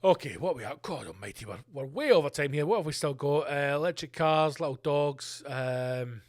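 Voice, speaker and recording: A man's voice: on the high side, animated, moderate pace. A man hosts a solo podcast with a slightly raised voice. He rants and swears freely, jumping from one tangent to the next. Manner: sweary, ranting, jumps between tangents. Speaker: podcast host.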